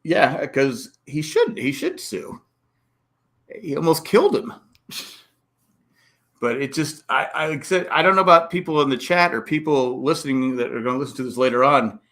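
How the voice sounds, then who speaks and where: In a mid-range voice, a man hosts a laid-back sports podcast at a fast clip. He animatedly performs coaches' and fans' responses, punctuating them with exclamations.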